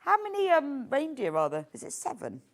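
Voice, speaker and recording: A woman presenting products on a live TV shopping show, gushing and enthusiastic as she shows them off, and quick to laugh. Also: sits high, huge pitch swings.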